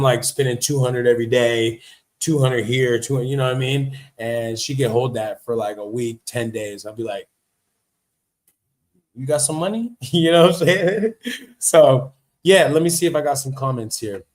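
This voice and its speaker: A man in a casual livestream monologue with a mid-pitched voice. He talks in a chatty, emphatic way, restating his points and commenting on what he reads. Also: a little mellow. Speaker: livestream host. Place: living in Vietnam.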